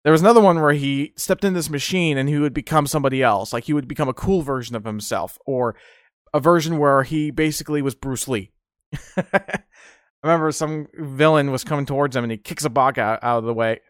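Rambling man with a smooth voice. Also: medium pitch, quick pace, no echo, studio quality. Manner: rambling, laughs often, many fillers. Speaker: streamer podcast host. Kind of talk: casual nostalgic chat.

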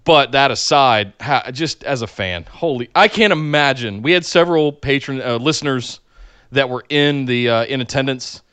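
A man co-hosting a podcast in casual chat, animated and exclamatory like an excited fan. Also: medium pitch, moderate pace, clear, resonant tone, no echo. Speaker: podcast co-host. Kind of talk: casual wrestling recap chat.

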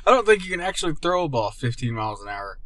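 A man's voice: on the high side, sing-song, fast talker, fairly bright tone, slight background noise. A man co-hosting a podcast, chatting casually, laughing often and swearing freely. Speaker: podcast co-host. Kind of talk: casual chat.

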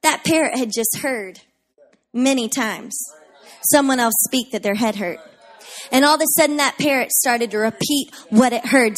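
A woman pastor preaching a sermon with passion, building up to shouted declarations of faith. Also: fairly high pitch, normal speed.

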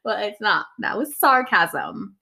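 A woman's voice: mid-range voice, expressive, slow, vocal fry, sharp tone, slight background noise. A young woman in her twenties with a teasing, sarcastic, giggly manner, co-hosting a casual podcast chat as the daughter.

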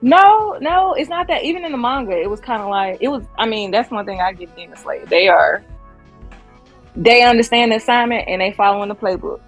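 A woman co-hosting an anime podcast in relaxed, conversational casual chat. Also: medium pitch, a little fast, faint music behind. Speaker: podcast co-host.

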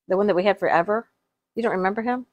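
Middle-aged woman, relaxed co-host, a laughing storyteller who often restarts her sentences, mid-pitched voice. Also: racing, dull audio. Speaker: podcast co-host. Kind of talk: casual storytelling chat.

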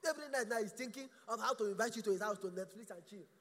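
A man's voice: high-pitched, very fast, fairly bright tone. A man preaching a sermon in church. He asks rhetorical questions and stammers through restarts. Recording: echoey church hall.

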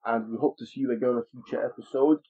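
Fast-talking playful podcast host. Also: male voice, mid-range voice, steady tone, dark tone, breathy edge. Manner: playful, grandiose sign-offs. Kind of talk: casual chat. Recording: dull lo-fi recording.

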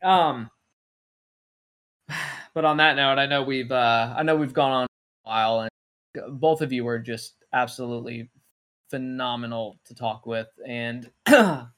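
Male podcast co-host, mid-pitched, casual and rambling, heavy on fillers. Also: unhurried, long pauses, fairly bright tone. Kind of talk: casual chat.

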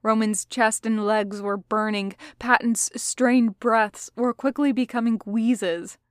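A woman's voice: a little high, fairly even intonation, slow pace, no echo. Woman narrating a story, dry close sound. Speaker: podfic reader. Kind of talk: audiobook narration of fan fiction.

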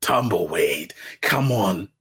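A man hosting a casual solo boxing podcast, chatty and self-mocking. He drops into low mumbles and then jumps up into loud, high bursts. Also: expressive, takes it slowly, breathy edge. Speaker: podcast host. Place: at home, sitting under a blanket. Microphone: home podcast mic.

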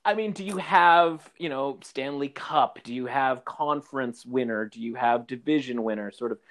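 Male podcast host, affable interviewer, mid-pitch, rambling questions. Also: normal speed, a bit bright. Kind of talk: casual interview.

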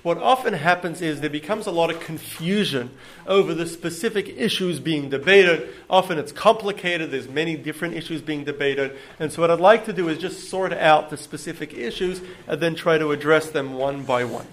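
Male lecturer, slightly high voice, halting with ums and self-corrections. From United States. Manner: hesitant, many ums and restarts. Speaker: lecturer on Judaism. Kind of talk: public lecture to an audience.

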